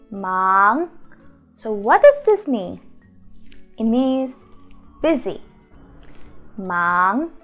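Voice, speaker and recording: A woman, the founder and teacher of a Mandarin school, giving a beginner lesson and sounding out each syllable slowly and repeatedly. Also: fairly high pitch. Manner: slow, drawn-out model pronunciations with repeated syllables.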